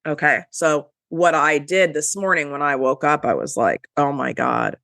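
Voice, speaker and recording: A woman's voice: deep voice, animated, moderate pace, sharp tone, no room sound, clean studio sound. A woman hosting a motivational podcast, talking casually and emphatically straight to her listeners, with a stuffy nose. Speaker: podcast host.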